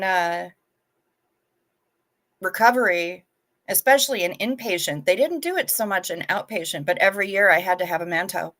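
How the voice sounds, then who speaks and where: A woman's voice: lowish voice, fairly bright tone. A woman hosting a casual live stream, chatting frankly with viewers and swearing now and then, sounding anxious.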